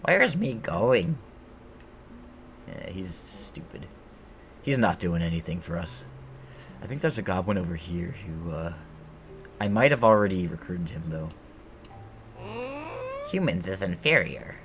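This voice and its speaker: A man's voice: low voice, normal speed, slight background noise. A man streaming a video game, joking and rambling in casual commentary.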